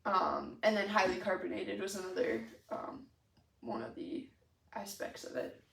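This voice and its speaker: A woman's voice: mid-range voice, animated, a little slow, creaky, very noisy. A woman co-hosting a homebrewing show, chatting casually and laughing often, with lots of fillers. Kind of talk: casual chat while tasting beer. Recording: echoey room.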